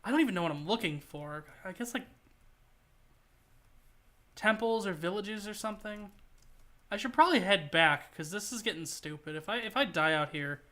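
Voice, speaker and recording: Bright-voiced rambling gaming streamer. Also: medium pitch, animated, moderate pace, pauses often. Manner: rambling, many fillers. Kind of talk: casual gaming stream chat.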